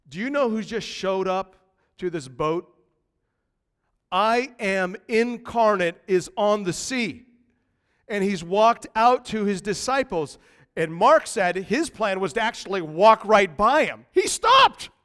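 A man preaching a lively, conversational sermon in a church, swinging from quiet asides to loud bursts. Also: high voice, measured pace, clean tone. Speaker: pastor. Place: church sanctuary. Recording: long reverb of a large hall.

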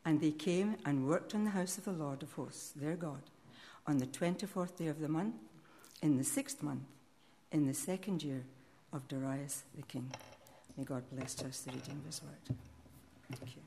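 A woman reads a long Bible passage aloud to a congregation. Her voice is fairly low for a woman, and her reading is measured and solemn. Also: mellow, a little hiss or hum. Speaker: scripture reader.

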